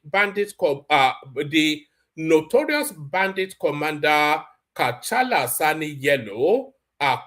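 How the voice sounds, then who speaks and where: A man's voice: on the high side, a bit bright. A man hosting live political commentary, reading headlines aloud and giving his blunt opinion. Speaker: host.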